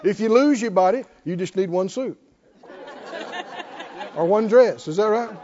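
A man's voice: sits high, a little slow, dark tone, some chatter behind, slight background noise. A man preaching a sermon. He drives it with rhetorical questions and joking asides, and calls on the congregation to answer back. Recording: dull lo-fi sermon recording.

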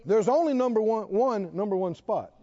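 A man's voice: high voice, expressive, normal speed, mellow, lo-fi sound. A middle-aged male pastor preaching a sermon, punctuating his points with emphatic exclamations and quoted scripture.

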